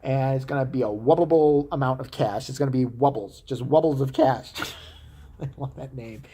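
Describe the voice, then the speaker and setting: Low-voiced sarcastic woman ranting. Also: normal speed, mellow, a little hiss or hum. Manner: sarcastic, swearing, laughing asides. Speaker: vlogger. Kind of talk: profane ranting commentary.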